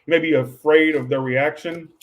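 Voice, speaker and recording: With fairly even intonation and a moderate pace, a man whose voice sits slightly higher does a rambling tarot reading for viewers. He is offhand and swears a lot, often stopping to respond to his chat.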